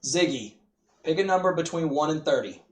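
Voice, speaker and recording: Podcast co-host, a man who is a touch high-pitched and speaks emphatically, recorded far off in an echoey room. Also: lively intonation. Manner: emphatic, drawn-out opinions. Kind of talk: casual wrestling chat. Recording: echoey room, distant from mic.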